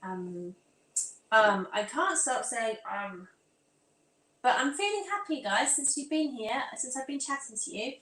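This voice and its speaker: On the high side and a bit bright, her voice has lively intonation and a measured pace. She's an Englishwoman with a near-standard southern accent streaming casually from home, distractedly chatting to viewers, muttering to herself and fiddling with her phone and laptop in an echoey room with faint ambience.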